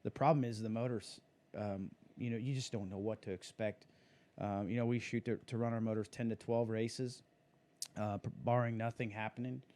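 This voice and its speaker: A man's voice: fairly low pitch, fairly even intonation, normal speed, a little mellow. A man talking casually as an interview guest, a racing driver who rambles with many fillers and restarts. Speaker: guest, sprint car driver.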